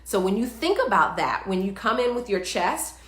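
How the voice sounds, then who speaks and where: A woman's voice: medium pitch, lively intonation, moderate pace. Upbeat woman coaching viewers live, echoey room. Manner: upbeat, chatty, guides viewers through exercises. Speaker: wellness coach hosting a live show. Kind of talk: live-streamed instructional talk.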